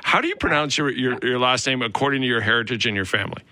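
A man's voice: mid-range voice, lively intonation, quick pace, bright, forceful tone, no room sound. A man hosting a weekend radio interview show, upbeat and chatty, sometimes tripping into restarts as he asks questions. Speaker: radio talk show host.

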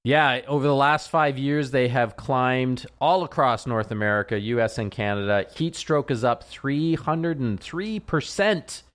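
A man's voice: medium pitch, a little slow, few pauses. A man, a veterinarian, chatting casually on a radio show, rambling and often repeating his words. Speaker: veterinarian guest.

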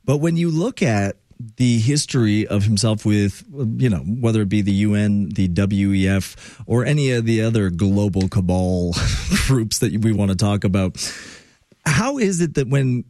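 A man hosting a casual political talk podcast, chatty and excitable, joking as he introduces his guest. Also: on the low side, unhurried, no echo. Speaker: podcast host.

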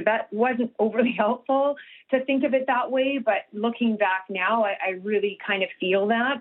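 A middle-aged woman from Canada, a nutritionist talking earnestly as an interview guest over the phone, with many restarts and fillers. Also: mid-range voice. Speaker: guest, nutritionist and health coach. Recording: tinny phone line.

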